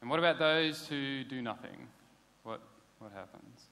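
Bright-voiced man preaching. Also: medium pitch, animated, measured pace, gravelly. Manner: conversational, plain-spoken preaching with casual asides. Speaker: pastor. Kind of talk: sermon. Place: church hall. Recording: long hall reverb.

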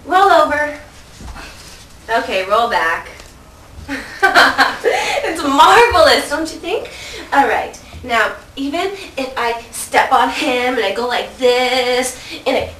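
A woman performing a comic mock infomercial with a teasing sales-pitch delivery and frequent giggles. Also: a bit bright. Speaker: comic presenter. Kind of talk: comedy sketch, mock infomercial. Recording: echoey room, mic far off, faint noise.

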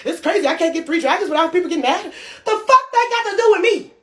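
A woman's voice: very high-pitched, lively intonation, fast. A woman livestreamer ranting to her viewers, profane and heated. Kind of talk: livestream rant.

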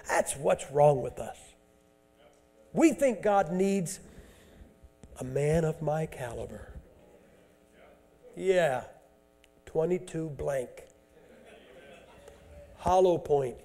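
A male preacher delivering a folksy sermon, dropping to hushed asides and rising to loud, emphatic scripture reading. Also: a little high, measured pace, long pauses.

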